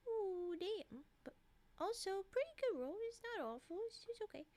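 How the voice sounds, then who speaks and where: A woman's voice: very high-pitched, very animated, unhurried. A young woman streamer reading horror stories aloud, with chatty asides and laughter. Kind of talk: reading aloud with casual commentary.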